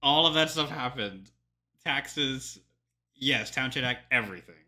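A man's voice: mid-range voice, lively intonation, unhurried, bright, forceful tone. A young man, a historian, reacting to a history video in casual chatty commentary with lots of ums and joking asides.

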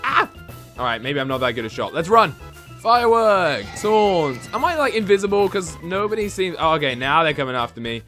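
Excitable high-voiced gaming man. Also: a little fast, faint music behind. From England. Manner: excitable, shouts and squeals when in danger. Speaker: gaming YouTuber. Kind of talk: let's-play commentary.

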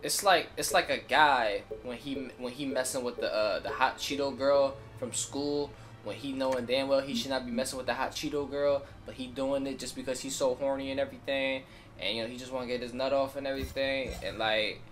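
A man hosting a gameplay video, rambling in a casual, slangy, animated way. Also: mid-range voice, a little fast, faint music behind. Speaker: gaming channel host.

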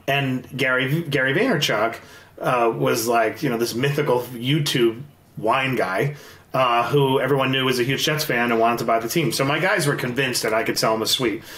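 A man in his forties talks candidly as a guest, telling stories in quick bursts full of restarts. His voice sits at an ordinary pitch. The recording is roomy, with noticeable echo. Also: fairly bright tone. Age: 40s. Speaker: guest, investor. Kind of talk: casual podcast interview.

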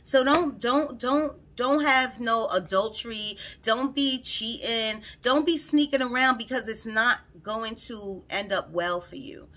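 A woman's voice: a little high, unhurried, few pauses, fairly bright tone. A woman giving a casual, rambling tarot reading into her phone, talking straight to her viewers and often repeating herself. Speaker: tarot reader.

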